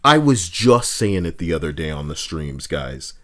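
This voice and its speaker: Give me a man streamer chatting casually, with a very lively pitch that swings from loud outbursts to low muttering. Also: moderate pace. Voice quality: swearing often. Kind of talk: casual live-stream chat.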